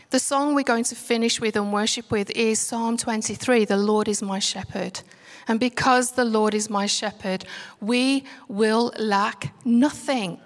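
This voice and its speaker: A woman's voice: fairly high pitch, fairly even intonation. Earnest woman preaching in a hall. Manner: earnest, measured, slows for emphasis. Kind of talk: sermon. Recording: music under voice, long reverb.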